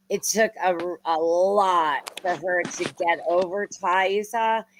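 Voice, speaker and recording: A woman's voice: on the low side, fairly bright tone, a little hiss or hum, rough recording. A middle-aged woman in casual chat, rambling and thinking aloud. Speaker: podcast host.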